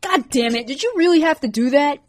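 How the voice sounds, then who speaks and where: A woman doing a taunting, excitable teen boy. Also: sits high, fairly quick, no echo. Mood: excited. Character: mocking, nosy teenage boy.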